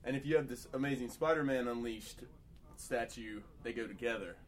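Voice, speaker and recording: Enthusiastic man reading quick news items. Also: medium pitch. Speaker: podcast co-host.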